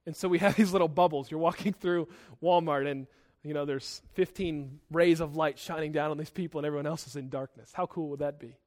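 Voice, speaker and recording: High-voiced man preaching emphatically. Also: fairly even intonation, fairly quick. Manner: emphatic, swings between loud and soft; repeats words when starting sentences. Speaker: pastor. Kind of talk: sermon.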